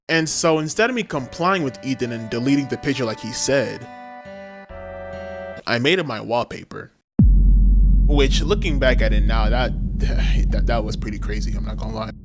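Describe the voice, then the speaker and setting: A man's voice: medium pitch, normal speed. A young man in his twenties telling a funny childhood story in a slangy, emphatic way, with music behind him. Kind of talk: storytime vlog. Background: background music.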